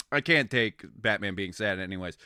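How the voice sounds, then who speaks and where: A man rambles through casual stream chat and gets excitable, swearing freely. His voice has a bright, forceful edge. The sound is dry and close. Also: medium pitch, clear, resonant tone, no room sound.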